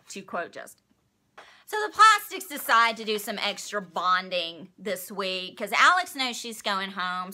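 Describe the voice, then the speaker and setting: A woman's voice: a little high, pushed and bright. A young woman hosting a casual recap vlog, talking in a sarcastic, exasperated way and swearing freely. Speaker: vlog host recapping a reality show.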